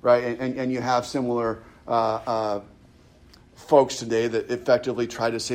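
A man's voice: medium pitch, level tone, moderate pace, darkish tone. Man preaching in a conversational way. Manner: conversational preaching, many restarts and stammered repeats; reads scripture aloud with rising emphasis. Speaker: pastor. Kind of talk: sermon.

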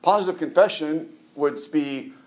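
A middle-aged man preaching a conversational sermon. He keeps checking in with the congregation, restarts and repeats words, and jumps up in pitch for emphasis. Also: moderate pace, darkish tone.

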